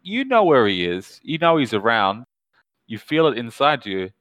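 A man running a tabletop horror game as game master, narrating in a calm, measured way that slows down for tension. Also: mid-range voice, no room sound, rough recording.

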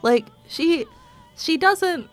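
A woman's voice: very high-pitched, very slow, soft background music. Young woman with a slight lisp. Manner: animated, jokey, restarts sentences. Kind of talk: casual podcast chat.

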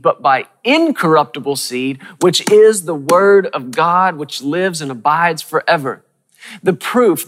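Male preacher, a bit high-voiced, driving his points home with repetition and questions, in a long-reverb hall. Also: fairly bright tone. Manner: emphatic, repeats key phrases, asks the audience questions; reads scripture slowly and deliberately. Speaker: pastor. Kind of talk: sermon.

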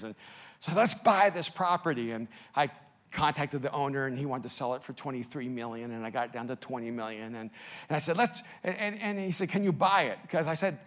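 A middle-aged male pastor preaching with stories, laughing at himself and swinging between loud bursts and hushed lines. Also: fairly high pitch.

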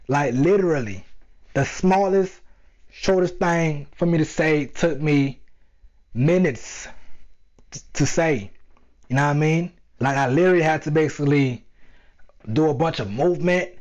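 A young man telling his own story in a casual, animated way, using slang and talking straight to his listeners. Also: fairly high pitch. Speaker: vlogger. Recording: dull lo-fi sound.

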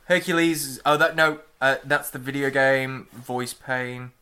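A man's voice: medium pitch, little pitch movement, unhurried, sharp tone. A man co-hosting a casual chat, quizzical and prone to repeating words as he talks. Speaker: podcast co-host.

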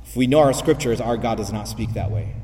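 Mellow-voiced priest preaching in an echoey hall. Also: male voice, mid-range voice, a little fast, recorded from a distance, slight background noise. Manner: repetitive, with rhetorical questions. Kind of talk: sermon.

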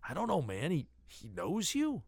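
A jittery grown man whispers questions in a dark old house, his voice lifted and quiet, as a male reader puts him on. He sounds uneasy and hesitant in a dry, close recording. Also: a little high, huge pitch swings, normal speed, slightly rough, no room sound, pitched above the performer's own voice, full character voice. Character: nervous adult male companion named Preacher.

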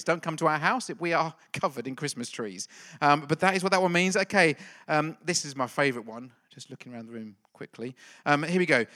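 A man's voice: on the high side, sharp tone. A middle-aged male pastor giving a playful, jokey church talk and quizzing the congregation. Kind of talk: lively church talk with a quiz.

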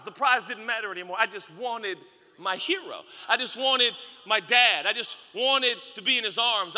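A man in his thirties, a pastor preaching a sermon, telling a story with playful asides to the congregation and swinging from hushed to shouting. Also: extremely high pitch. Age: 30s. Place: large church auditorium. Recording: reverberant church hall.

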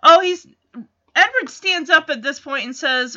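A woman casually recaps a TV episode and keeps wandering into asides and self-corrections. Her voice sits a little high and sounds bright and forceful. The recording is dull and lo-fi. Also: expressive, moderate pace. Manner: chatty, digressive, with frequent asides and self-corrections. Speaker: podcast host recapping a TV episode.

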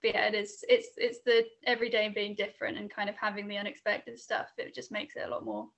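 A woman's voice: mid-range voice, little pitch movement, quick pace, fairly bright tone. A young woman, chatting casually about her work in air traffic control, with many fillers and restarts. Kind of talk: casual interview chat.

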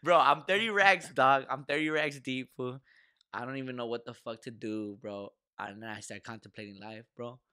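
A man's voice: mid-range voice, moderate pace, sharp tone, clear, resonant tone. A young man co-hosting a podcast, telling a rambling, slangy story full of swearing and fillers in casual chat. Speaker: podcast co-host.

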